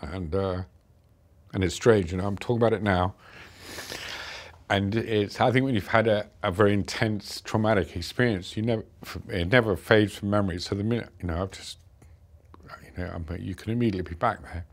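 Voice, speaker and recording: Middle-aged british guy, lowish voice, telling his story slow and halting. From Britain. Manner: reflective, halting, many restarts. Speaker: interview guest. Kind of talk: personal storytelling in an interview.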